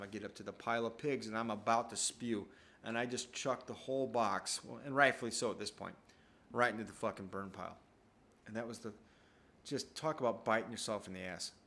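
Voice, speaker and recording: A man's voice: fairly low pitch, a bit bright. A man at home telling a rambling, profane story in a casual monologue. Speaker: vlogger. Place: at home, downstairs.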